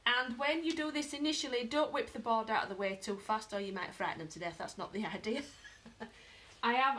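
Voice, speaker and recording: A British woman giving a casual live dog-training lesson at home, chatting to viewers and breaking into high-pitched praise for her dog. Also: a bit bright, slight background noise. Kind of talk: live-streamed training demo.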